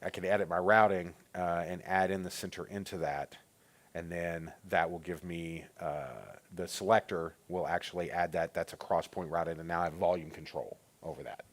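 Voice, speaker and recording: A man presenting a technical training session, walking through settings in a relaxed way with many fillers. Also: deep voice, moderate pace. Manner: relaxed, filler-heavy explaining. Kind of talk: casual technical walkthrough.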